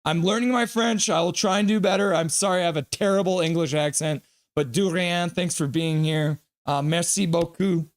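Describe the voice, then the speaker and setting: A young man hosting a live hockey reaction stream, chatting casually, reading chat aloud and whooping with excitement. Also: on the high side, normal speed.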